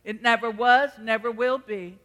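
A woman's voice: fairly high pitch, fairly even intonation, normal speed, pushed and bright. A middle-aged woman pastor preaching a sermon, emphatic and acting out the voices she quotes. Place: church sanctuary. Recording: long reverb of a church hall.

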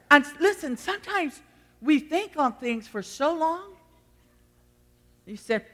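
Bright-voiced woman preaching in a hall. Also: fairly high pitch, lively intonation, a little slow, long pauses. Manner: swings from loud exhortation to quiet asides. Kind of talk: sermon. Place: church sanctuary. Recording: long church hall reverb.

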